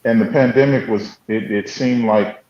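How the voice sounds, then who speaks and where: A man on a radio talk panel reflects aloud, stopping and restarting his thoughts. His voice sits fairly low, and it comes through an echoey room on a dull, muffled mic. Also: fairly even intonation, a little mellow. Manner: reflective, halting, with many restarts. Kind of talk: casual radio talk show conversation.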